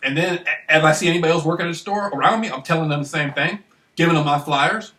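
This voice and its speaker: Excitable man rambling in an echoey room. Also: fairly high pitch, quick pace, far from the mic. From Michigan, United States. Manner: excited, repetitive, keeps asking "you know what I mean". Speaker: vlogger. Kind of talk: rambling self-recorded monologue.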